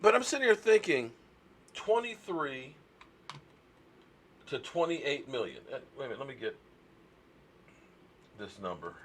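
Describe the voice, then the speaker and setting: A man's voice: mid-range voice, sing-song, a little slow, long pauses, a bit bright, a little hiss or hum. A man hosting a casual sports talk video, ranting indignantly and rambling with restarts.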